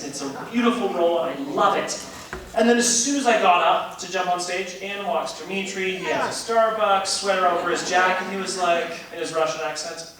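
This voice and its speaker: Animated young man in an echoey room. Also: sits high, a little fast, crowd noise. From Canada. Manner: animated storyteller who laughs while telling anecdotes. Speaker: opera singer, interview guest. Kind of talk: conversational interview. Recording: echoey room with faint hiss.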